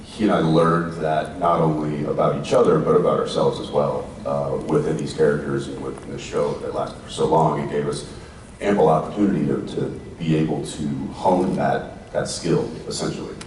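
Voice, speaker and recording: A man with a very deep voice tells stories on a convention stage. He sounds unhurried and reflective, often trailing off and then starting again. It was taped from the audience, so he sounds far off in a big echoing hall with a low hum of people behind him. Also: fairly even intonation, a little mellow. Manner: thoughtful, unhurried, trails off and restarts. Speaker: actor on a convention panel. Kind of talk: reflective storytelling to a live audience. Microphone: handheld mic, recorded from the audience. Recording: distant echoey hall audience recording.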